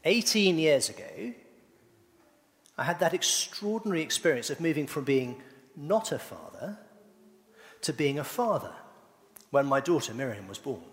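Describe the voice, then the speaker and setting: A man's voice: on the high side, very animated, normal speed, long pauses. A middle-aged man preaching a sermon, playfully quizzing his congregation. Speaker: pastor. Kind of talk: sermon with congregation call-and-response. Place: church hall. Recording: long reverb of a church hall.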